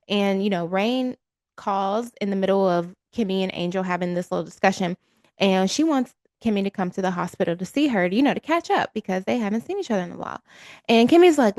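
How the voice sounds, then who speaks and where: A woman's voice: mid-range voice, lively intonation, moderate pace, a little mellow, no echo, clean studio sound. A woman co-hosting a podcast, casually recapping a TV episode and quoting the characters. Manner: storytelling with quoted dialogue. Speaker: podcast co-host.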